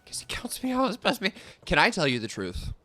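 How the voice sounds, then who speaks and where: A man's voice: high voice, wildly swooping pitch, a little fast, sharp tone. A young man chatting casually while he streams a game, rambling with many fillers and swearing now and then at what happens on screen. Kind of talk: casual chat while gaming.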